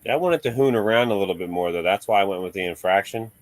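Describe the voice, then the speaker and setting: A man's voice: fairly low pitch, fast talker, dry recording. A man in casual chat about remote-control cars, laid-back and chatty, laughing often.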